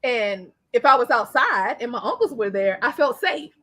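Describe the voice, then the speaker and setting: A woman hosting a casual interview, animated and quick to repeat herself, often checking in with tag questions. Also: a little high. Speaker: interview host.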